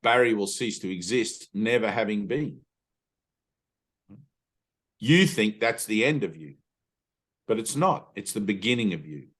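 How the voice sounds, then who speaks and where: A man's voice: on the low side, animated, measured pace, long pauses, a bit bright. A middle-aged man giving an earnest spiritual teaching talk, emphatic, swearing casually, and often checking in with "right?". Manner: frequent "right?" tag questions.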